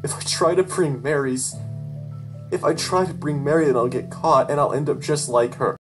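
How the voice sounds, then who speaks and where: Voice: mid-range voice, normal speed. A storyteller reading a first-person horror story aloud, with an emotional, tearful delivery and frantic outbursts. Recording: guitar music playing behind the voice.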